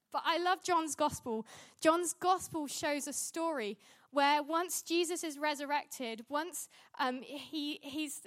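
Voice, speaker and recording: A woman's voice: high-pitched, fairly bright tone. A woman preaching a sermon in a conversational way, often restarting sentences and laughing at herself.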